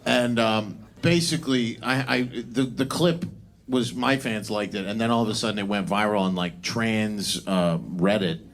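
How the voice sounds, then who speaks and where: A man's voice: on the low side, normal speed. Crude rambling man comedian. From Canada. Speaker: stand-up comedian. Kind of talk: stand-up set. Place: comedy club stage.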